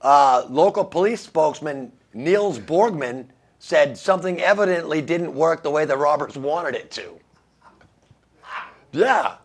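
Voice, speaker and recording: A man's voice: a little high, expressive, measured pace. A man hosting a radio show, reading odd news stories and making wry jokes about them, laughing at his own lines. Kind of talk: casual comedic news commentary.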